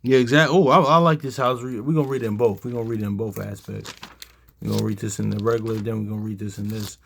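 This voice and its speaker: A tired Bible teacher talks fast in a low, steady, gravelly voice during a casual study session. He rambles with heavy fillers and reads scripture aloud.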